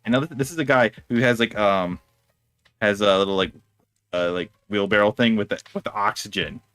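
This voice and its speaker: A man's voice: fairly low pitch, a little fast, fairly bright tone, clear, resonant tone, no room sound. A man co-hosting a casual chat, telling a rambling story and laughing through it. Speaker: co-host of a discussion stream.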